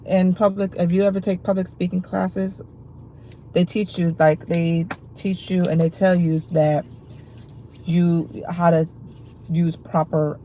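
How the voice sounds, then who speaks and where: Female livestream host, low gravelly voice, loose rambling delivery. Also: darkish tone, slight background noise, low-quality recording. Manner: rambling, filler-heavy talk with many restarts. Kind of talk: casual livestream chat to viewers.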